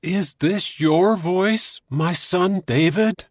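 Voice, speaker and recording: An actor playing a remorseful aging king who speaks slowly and tearfully in a dramatized scripture reading. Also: high-pitched, dry recording, studio quality, exaggerated voice. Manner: slow, grieving and pleading.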